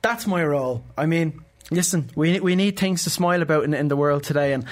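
Upbeat impressionist on radio. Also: male voice, on the high side, a little fast. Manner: relaxed, upbeat, with fillers like listen and you know. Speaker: impressionist guest. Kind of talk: casual radio chat.

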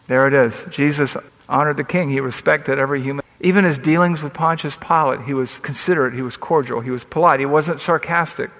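A man's voice: a little high, fairly quick, few pauses, a bit bright. A man preaching a sermon as pastor, emphatic and building up as he reads scripture aloud. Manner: emphatic, rising into scripture readings. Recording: long reverb of a large hall.

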